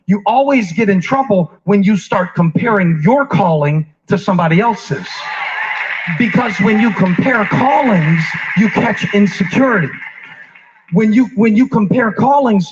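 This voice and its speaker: A man preaching a conversational sermon. He asks the congregation questions, jokes with them, and shifts between quiet stretches and rising emphasis. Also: high voice. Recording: dull lo-fi sound.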